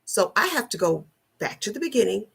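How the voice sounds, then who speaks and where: A middle-aged woman giving a personal motivational talk, slow, earnest and deliberate, often repeating her phrasing. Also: mid-range voice, big pitch swings, creaky, a bit bright, slightly rough. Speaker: wellness vlogger.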